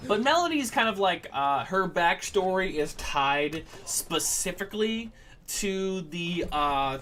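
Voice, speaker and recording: A man's voice: a little high, bright, forceful tone. A man with a slightly raised speaking voice chats on a game stream, rambling through stories with constant fillers and restarts. A faint hiss sits under his talk. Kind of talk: casual chat while gaming.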